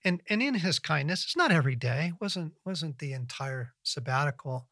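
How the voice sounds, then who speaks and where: A middle-aged man hosting a Christian podcast, talking earnestly and reflectively in casual conversational teaching, with lively bursts and frequent restarts. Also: fairly high pitch, moderate pace, no room sound, studio quality. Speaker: podcast host and Christian author.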